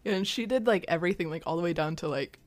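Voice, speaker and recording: The podcast co-host, a young woman, recaps a sitcom episode in a loose, chatty way, sprinkling in plenty of "like" and "um." She speaks quickly with a fairly low pitch.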